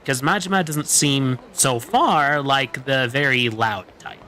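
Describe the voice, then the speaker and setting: A man's voice: medium pitch, measured pace, sharp tone, slight background noise. A man streaming a video game, chatting casually and joking as he plays. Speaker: VTuber streamer. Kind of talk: casual gameplay commentary.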